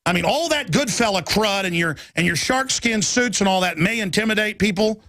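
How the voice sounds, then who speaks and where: Middle-aged man, radio host, heated monologue, bright tone, dry close sound. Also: sits high, lively intonation, brisk, no room sound. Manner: ranting, mimics opponents in mocking voices. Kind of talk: fiery political monologue.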